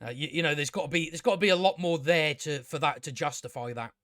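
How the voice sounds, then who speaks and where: Here the same kind of TV reviewer talks fast in a fairly high, slightly bright voice, delivering a sweary, sarcastic rant packed with fillers. The sound is clean studio audio with no room tone.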